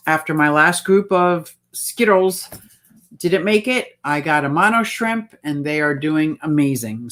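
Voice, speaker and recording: A woman's voice: on the low side, a bit bright. A woman hosting a casual livestream, chatting and reading out viewer comments. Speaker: livestream host.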